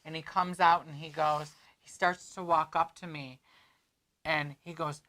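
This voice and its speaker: A man's voice: a little high, steady tone, normal speed, sharp tone. A man co-hosting a casual livestream chat, telling stories and acting out the voices of people in them. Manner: storytelling, acts out quoted voices. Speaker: co-host.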